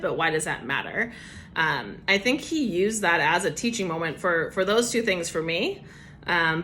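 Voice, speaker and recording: Woman sharing a casual faith testimony; bright tone, relaxed and chatty delivery. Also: on the low side, a little hiss or hum. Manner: casual, chatty with many fillers and laughs. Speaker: church member giving a devotional. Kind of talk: personal testimony devotional.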